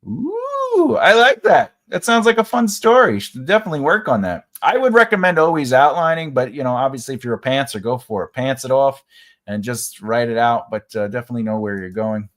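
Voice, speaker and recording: A man's voice: mid-range voice, lively intonation, a little fast, a bit bright. A man hosting a live writing class, chatting with viewers in a jokey, rambling way and laughing often. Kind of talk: live-stream chat reading comments.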